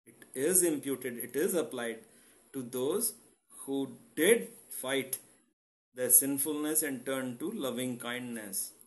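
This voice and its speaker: Male online preacher, mid-pitched voice, impassioned sermon delivery built on rhetorical questions. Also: takes it slowly, low-quality recording. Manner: emotional, asks rhetorical questions and answers them. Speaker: online church founder and presenter. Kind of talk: impassioned sermon-style Bible teaching.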